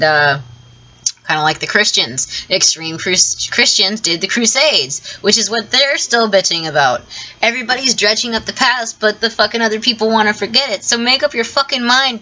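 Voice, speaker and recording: In poor audio with slight background noise, a southern US woman vlogger rants her opinions to camera, blunt and profane, laughing often between points. Her voice is lowish, bright, and forceful.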